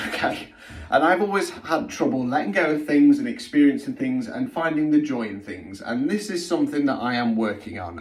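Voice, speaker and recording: A middle-aged man, talking bluntly about healing and cursing freely. He keeps checking in with the listener with a clipped "okay?". His voice sits at an ordinary pitch and is picked up from some distance in an echoey room. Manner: blunt and sweary, keeps tagging lines with "okay?". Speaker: spiritual healing vlogger. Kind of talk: blunt direct-to-camera monologue. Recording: roomy sound from off the mic.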